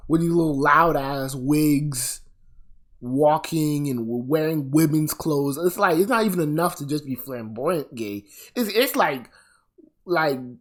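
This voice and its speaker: A man delivering a blunt, profane commentary rant, sounding exasperated and weary. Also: on the high side. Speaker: commentary vlogger.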